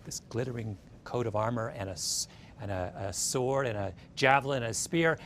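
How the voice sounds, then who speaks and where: A man giving a storytelling lecture, animated and often checking in with the audience with a quick "right?". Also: medium pitch, a little hiss or hum. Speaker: speaker giving a talk.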